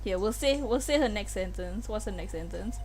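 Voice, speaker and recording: A woman's voice: mid-range voice, animated, brisk, a little mellow, soft background music. A young woman streaming a game live, giggly and playful, laughing often as she chats.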